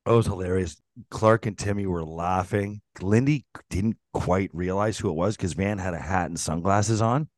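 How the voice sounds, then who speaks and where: A middle-aged man, a former pro hockey player, co-hosting a casual chat and telling animated stories, swearing freely and acting out the quotes. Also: sits low, moderate pace, dry recording.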